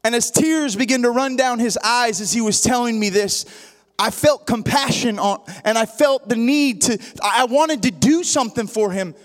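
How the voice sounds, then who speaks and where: Man, high voice, sermon, preaching cadence, reverberant church. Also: normal speed. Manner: prayerful, builds into sing-song preaching cadence. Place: church sanctuary.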